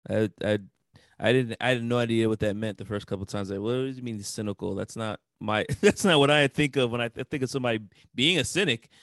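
A man's voice: medium pitch, fast talker, a bit bright, no room sound. A man co-hosting a podcast in easygoing casual chat. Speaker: podcast co-host.

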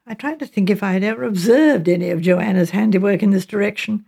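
Woman narrating an audiobook, gravelly voice. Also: medium pitch, fast, warm tone.

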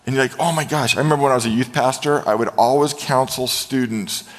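Middle-aged male pastor, animated sermon storyteller, mid-pitched voice, long hall reverb. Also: quick pace.

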